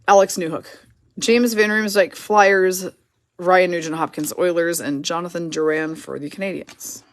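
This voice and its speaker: A woman hosting a live card break, quickly reading out player names and teams and chatting with viewers in the comments. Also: on the low side, fairly even intonation, dry recording. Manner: brisk, reads names and teams in quick lists, chats with viewers.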